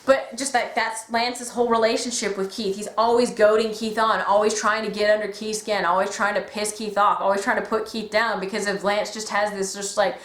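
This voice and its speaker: An excitable woman gushes through a casual fan chat. Her voice sits at a middling pitch and echoes around a roomy space. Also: fairly quick, few pauses. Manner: excitable, gushing, often acts out quotes. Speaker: podcast co-host.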